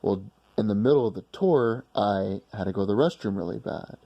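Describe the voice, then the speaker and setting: A man's voice: on the low side, brisk, gravelly, dull audio. Laid-back man telling a story. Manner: rambling, blunt and profane. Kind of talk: casual personal storytelling.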